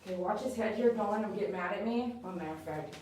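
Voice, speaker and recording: A woman's voice: medium pitch, fast, a little mellow, recorded from a distance, a little hiss or hum. A woman dog groomer at work, talking a client through the grooming and coaxing the dog in a chatty way. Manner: chatty, coaxing the dog and explaining as she works. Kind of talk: explaining a grooming to a client on camera. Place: grooming salon. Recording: very echoey room, voice from off mic.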